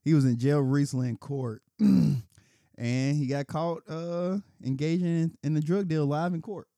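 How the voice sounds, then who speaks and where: A man co-hosting a casual podcast chat, animated, acting out quotes in sudden high voices and laughing often. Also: a little slow, dry recording, clean studio sound. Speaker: podcast co-host.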